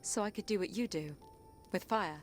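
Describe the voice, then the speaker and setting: A young actress playing an earnest, wary princess with second sight in a video game. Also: female voice, mid-range voice, normal speed, soft background music, close to an everyday voice.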